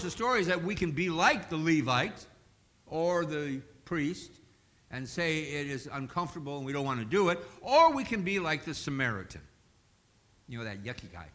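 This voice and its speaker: A man's voice: a little high, pushed and bright. A male pastor preaching a sermon in a folksy, joking storytelling manner in a church.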